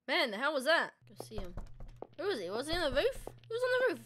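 Young woman gamer, high crisp voice, excitable, reads in-game dialogue aloud. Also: fast, slight background noise. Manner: excitable, reacting aloud, reading character lines. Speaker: let's play gamer. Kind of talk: casual gameplay commentary reading dialogue aloud.

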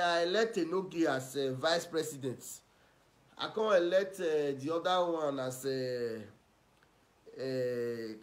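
With a mid-range voice and a Nigerian Pidgin accent, an online commentator scolds and ridicules in a gossip rant. His volume keeps shifting between loud and soft.

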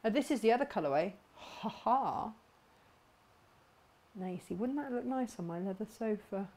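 A woman's voice: mid-range voice, animated, fast talker, dark tone. Bubbly chatty woman host. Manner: bubbly, chatty, laughs often. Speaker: host of a craft shop live stream. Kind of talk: chatty live stream, reading out viewer comments.

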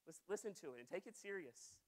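High-voiced impassioned male preacher. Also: lively intonation, fast talker. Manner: impassioned, repeats words when worked up. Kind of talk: sermon.

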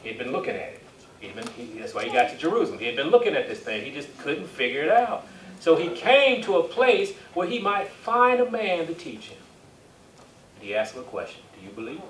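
Brisk and lively, this fairly bright male voice sits at medium pitch as he delivers a sermon, drawing amens from the congregation through call-and-response. He reads King James scripture aloud, captured in a reverberant church hall by a far-off mic with a little hiss.

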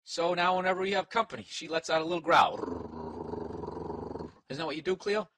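A man's voice: high voice, fairly quick, noisy background. A middle-aged man with a Boston accent, rambling through a profane, sarcastic comic monologue as a podcast host. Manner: profane, sarcastic, talks to his dog.

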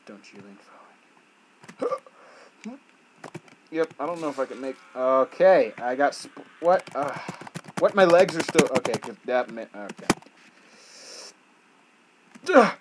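A man doing gameplay commentary as a gaming YouTuber, swinging between yelling at the game and muttering to himself. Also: medium pitch, expressive, slow, pauses often, noisy background.

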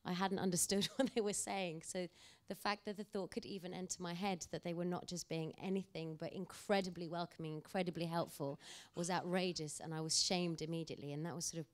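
A woman with a notably low voice talks as a guest at an onstage panel discussion. She tells her anecdotes in an animated, storytelling way. Her tone and clarity stay plain and ordinary. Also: fairly quick, hardly any pauses. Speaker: actor guest.

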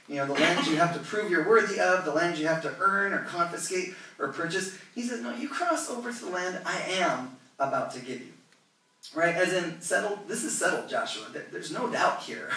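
A man from California, a pastor preaching a lively, conversational sermon with asides to his congregation. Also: a little high, brisk. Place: church sanctuary. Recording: echoey church hall, voice from a distance.

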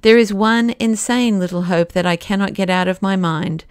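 A woman voicing a gloomy, hopeless middle-aged male inspector who speaks quietly and grimly. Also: medium pitch, steady tone, moderate pace, clear, resonant tone, no room sound, studio quality, close to an everyday voice. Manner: quiet, grim.

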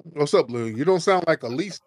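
Brief: male talk-radio host, blunt and confrontational, lively delivery, dry booth sound. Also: on the high side, fairly quick, no room sound. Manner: blunt, mocking, profane.

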